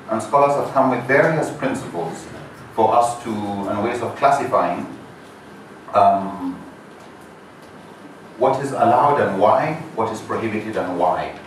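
A man giving an introductory lecture, talking in a measured, explanatory way and posing rhetorical questions to the audience. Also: lowish voice, lively intonation, a little hiss or hum. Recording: echoey hall, mic far off.

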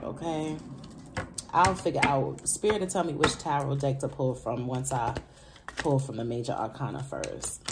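In a very noisy recording, a woman with a deep voice gives a casual tarot reading. Chatty and emphatic, she repeats her phrases, laughs between remarks and addresses her viewers directly.

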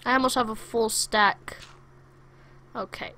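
A woman giving chatty, excitable let's play commentary from a home setup, talking to the game's monsters as she plays. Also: mid-range voice, a little slow, a little hiss or hum. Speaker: gaming video creator.

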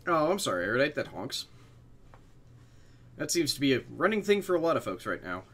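A man's voice: a little high, big pitch swings, brisk, a bit bright. A young adult man livestreaming a game, chatting casually with viewers in a rambling, self-deprecating way and swearing freely. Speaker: game streamer.

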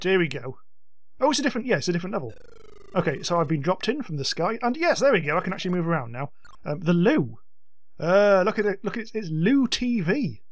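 A man talks over a retro game as he plays it. His pitch swings wildly as he yelps and swears at what happens on screen. His voice is close and dry, with no room sound. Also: no room sound. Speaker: let's-play host. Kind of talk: gameplay commentary.

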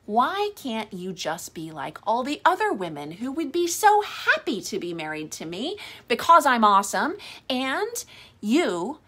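A woman's voice: fairly high pitch, huge pitch swings, measured pace, fairly bright tone, breathy edge, full character voice. A woman voicing an adult husband who belittles and blames his wife, in a contemptuous tone. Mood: scornful. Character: scornful blaming husband, adult man.

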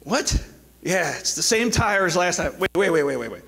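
Middle-aged pastor preaching a sermon. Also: male voice, high-pitched, sing-song, breathy edge. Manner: storytelling with quick asides, then soft pleading exhortation. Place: church sanctuary.

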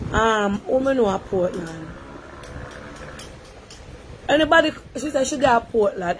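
A woman with a Jamaican accent hosting a live call-in stream, talking briskly and coaxing a caller. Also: fairly high pitch, a little hiss or hum.

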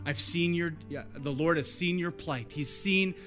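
A man delivering a sermon in a church, chatting like a storyteller and repeating key lines for weight. His voice sits high and rings bright. Faint music plays behind him. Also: measured pace. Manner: conversational, repeats for emphasis, storytelling. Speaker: pastor.

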